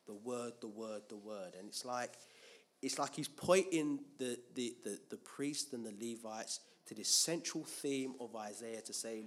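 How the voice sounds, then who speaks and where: A man's voice: mid-range voice, measured pace. A man preaching a Bible teaching sermon, asking rhetorical questions and answering them himself, with frequent restarts and repeated words.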